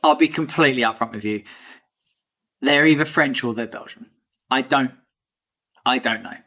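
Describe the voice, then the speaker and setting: A man's voice: medium pitch, normal speed, sharp tone. A man hosting a podcast quiz, reading facts aloud and teasing his co-hosts in casual chat. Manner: dry, teasing, reads out facts.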